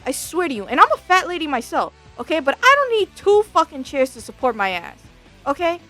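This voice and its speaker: A woman telling a storytime as a vtuber, profane, exasperated and animated. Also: high voice, fairly quick. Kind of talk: casual storytime rant. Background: faint background music.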